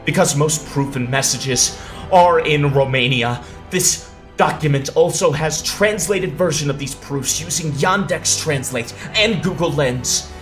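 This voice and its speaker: A man's voice: a little high, a little slow, a bit bright, faint music behind. A young man hosting a commentary video, reading a document aloud and reacting with sarcasm, swearing and laughter. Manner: sarcastic, profane, often laughing.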